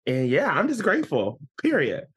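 A man as a guest on a casual podcast interview, upbeat and excitable, his pitch jumping up when he gets animated. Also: moderate pace, breathy edge.

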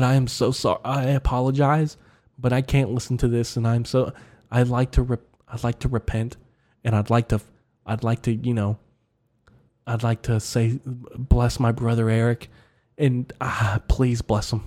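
A man's voice: mid-range voice, little pitch movement, a little slow, darkish tone, close to an everyday voice. A man voicing a shocked, pious listener who prays fretfully and begs forgiveness. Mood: pleading. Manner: fussy, fretful praying.

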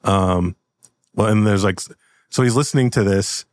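A man narrating a tabletop role-playing game as game master, in an animated, loose way. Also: fairly low pitch, moderate pace, no echo.

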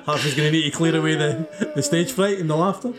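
A man's voice: on the high side, fast. A man hosting a wrestling podcast, chatting casually and joking and laughing often. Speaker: podcast host. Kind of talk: casual chat.

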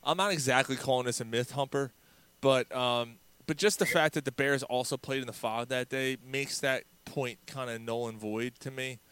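A man's voice: medium pitch, normal speed, a bit bright, smooth, dry recording. A man co-hosting a casual sports podcast, telling stories with lots of swearing and acted-out quotes. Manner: storytelling, profane, acts out quotes. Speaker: podcast co-host.

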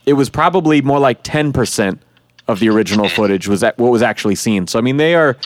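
A man's voice: mid-range voice, expressive, fast talker, no room sound. A man hosting a podcast in casual chat, rambling on and swearing freely. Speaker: podcast host.

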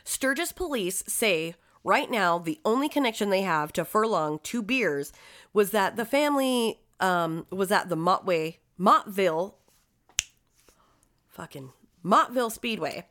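A woman's voice: mid-range voice, lively intonation, unhurried, fairly bright tone. A woman co-hosting a true-crime podcast, reading case details and then riffing with blunt, swearing asides. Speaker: podcast co-host.

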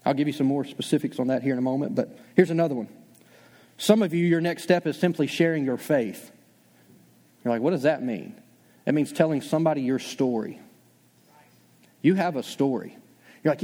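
A man preaching a sermon as pastor, talking conversationally and acting out his listeners' doubts in quick asides. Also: medium pitch, long reverb tail. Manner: fast, animated preaching.

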